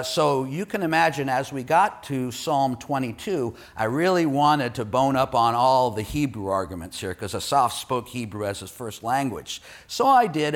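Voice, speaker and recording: Animated male preacher with a lively voice. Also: mid-range voice. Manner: animated, emphatic, asks the audience questions. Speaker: pastor. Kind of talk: sermon.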